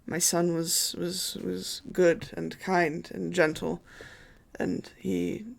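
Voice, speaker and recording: A game master voicing a large, grieving male lich who is a god of death, speaking softly and haltingly with many hesitations. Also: mid-range voice, little pitch movement, creaky. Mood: weary. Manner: halting, soft-spoken, full of hesitations.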